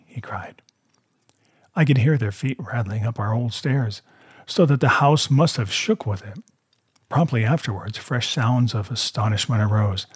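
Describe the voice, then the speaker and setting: Husky-voiced man reading a classic novel. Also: fairly low pitch, no echo, studio quality. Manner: measured storytelling with voiced characters. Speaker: reader.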